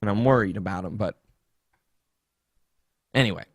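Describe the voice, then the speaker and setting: A man's voice: fairly low pitch, normal speed, dry recording, clean studio sound. A man hosting a podcast in a casual comedic rant, mocking and laughing often as he jumps between topics. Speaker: podcast host.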